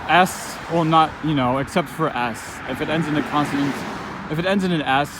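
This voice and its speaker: A man giving an informal spoken lesson, thinking aloud as he goes, with halting restarts and frequent fillers. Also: on the high side, background noise. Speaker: language teacher.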